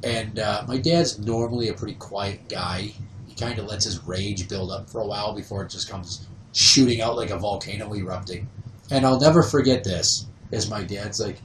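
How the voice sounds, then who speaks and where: A man's voice: lowish voice, normal speed, a little hiss or hum. A man hosting a podcast, telling a comic story and acting out the people in it. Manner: animated, acts out quoted voices. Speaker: podcast host. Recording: roomy, slightly distant from mic.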